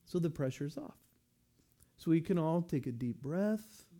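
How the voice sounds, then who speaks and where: Mellow, unhurried male preacher. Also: a little high. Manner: relaxed, conversational preaching with slow scripture readings. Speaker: pastor. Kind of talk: sermon.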